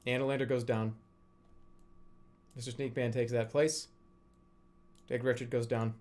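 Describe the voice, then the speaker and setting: Male streamer, casual live chat, talks to himself while he sorts, middle pitch. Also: flat delivery, measured pace, a little mellow. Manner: musing aloud, drifting volume, brief laughs.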